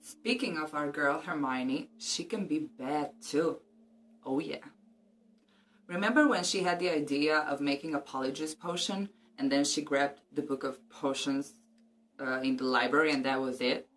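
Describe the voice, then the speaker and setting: A woman's voice: low voice, moderate pace, fairly bright tone. A woman vlogger casually discussing a book and reading passages aloud, with joking, cheeky asides.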